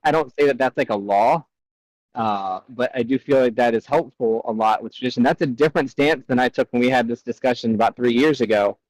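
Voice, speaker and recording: A man's voice: mid-range voice, a little fast, no echo, poor audio. An American man co-hosting a casual podcast chat, reflective and joking, with hesitant fillers. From United States. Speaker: podcast co-host.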